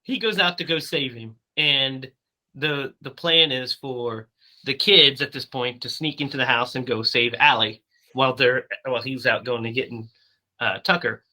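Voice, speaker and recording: A man co-hosting a casual movie podcast, recapping scenes in an animated, loose way with some swearing. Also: mid-range voice, normal speed, poor audio. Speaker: podcast co-host. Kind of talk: casual movie-review chat.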